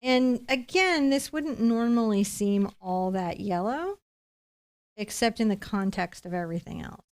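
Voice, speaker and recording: A woman's voice: a little high, a little slow. A middle-aged woman giving a live acrylic painting lesson, chatting playfully while she paints. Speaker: painting instructor.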